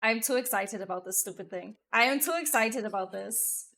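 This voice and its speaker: Her gravelly, medium-pitched voice moves fairly quickly as this VTuber streamer talks casually to her viewers. She gets excitable and profane, alternating between loud bursts and quiet muttering.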